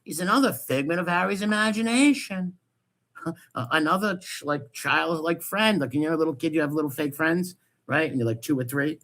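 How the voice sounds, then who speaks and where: Gravelly, mocking male stream host. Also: a little high, brisk. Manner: crude, mocking, loud outbursts. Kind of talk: casual ranting commentary.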